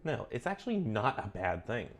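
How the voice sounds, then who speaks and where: A man casually talking through a witchcraft book on his vlog, earnest and self-correcting, often drifting onto tangents, his pitch jumping up when he gets emphatic. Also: big pitch swings, normal speed, faint music behind. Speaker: vlogger reading and commenting on a witchcraft book. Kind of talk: casual rambling vlog commentary.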